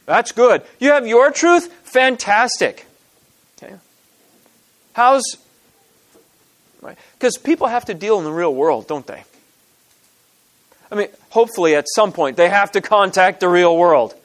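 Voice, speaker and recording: A man giving an informal teaching talk to a group, with halting restarts, frequent throat clearing and pointed rhetorical questions. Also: sits high, expressive. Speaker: speaker at a church teaching session.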